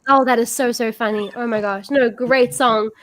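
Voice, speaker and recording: A woman's voice: a little high, steady tone, moderate pace, background noise. A woman hosting a casual online music show, gushing and restarting her sentences as she chats. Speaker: host. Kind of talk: casual chat and live singing.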